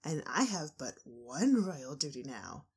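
Woman doing a menacing cartoon villain queen, deliberate pace. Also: a bass voice, sing-song, slightly rough, heavily acted. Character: female night princess turned villain, cold and grand.

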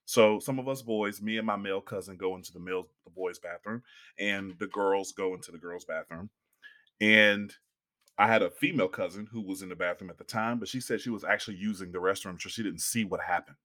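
A young man telling a long story in casual podcast chat, animated and acting out the people he quotes. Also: deep voice, a little fast.

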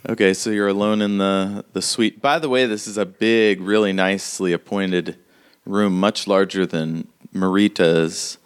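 A man's voice: deep voice, steady tone, measured pace, clear, resonant tone. A man narrating as game master in a laid-back, rambling way.

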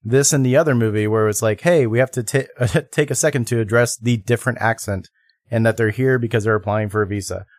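A man co-hosting a podcast, discussing a film in a halting way with many restarts and mock quotes. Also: medium pitch, no echo, studio quality. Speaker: podcast co-host.

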